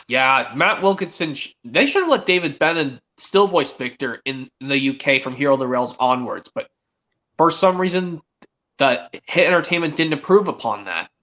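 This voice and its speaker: A man's voice: a little high, lively intonation, normal speed, sharp tone, lo-fi sound. A teenage boy streaming a casual chat, rambling with many restarts as he retells cartoon scenes. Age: teens. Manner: rambling, restarts often, quotes characters.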